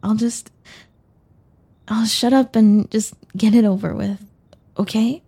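A woman's voice: a little high, steady tone, slow, warm tone, husky, exaggerated voice. A young woman voicing a shy, nervous young woman in an audio role-play, talking hesitantly and stumbling over her words with many restarts.

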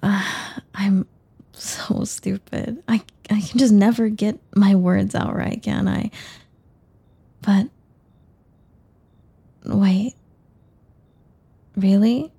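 A woman's voice: mid-range voice, fairly even intonation, extremely slow, vocal fry, pauses often, warm tone, breathy edge, heavily acted. A young woman voicing a shy, nervous young woman in an audio role-play, talking hesitantly and stumbling over her words with many restarts.

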